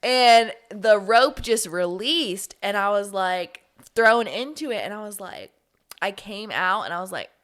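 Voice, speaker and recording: A young adult woman, a podcast guest, in casual faith-based chat, telling stories in an animated, heartfelt way. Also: mid-range voice, a little slow.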